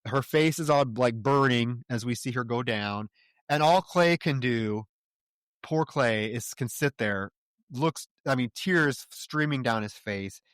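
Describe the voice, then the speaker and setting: A man's voice: medium pitch, measured pace, fairly bright tone, no echo, studio quality. A man co-hosting a podcast, animatedly retelling a film's plot in casual chat with frequent laughs. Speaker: podcast co-host. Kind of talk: casual film discussion.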